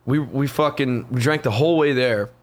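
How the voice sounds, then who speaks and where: A man at an ordinary middle pitch tells stories in casual chat, swearing freely and getting animated as he goes. His speech is loose and conversational, with a podcast co-host's easy back-and-forth. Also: normal speed. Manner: profane, animated storyteller.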